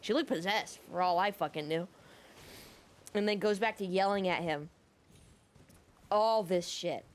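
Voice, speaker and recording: A woman's voice: mid-range voice, measured pace, long pauses. A woman telling a long story while she plays a game, drifting off topic as she goes. Her delivery is casual and sarcastic, with plenty of swearing. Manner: profane, rambling, sarcastic. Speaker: gaming video creator. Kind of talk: casual storytelling over gameplay.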